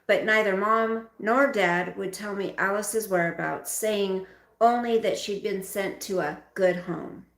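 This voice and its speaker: A woman's voice: mid-range voice, unhurried, vocal fry, reverberant. A woman hosting a livestream and reading a memoir aloud, breaking off now and then to speak directly to her viewers.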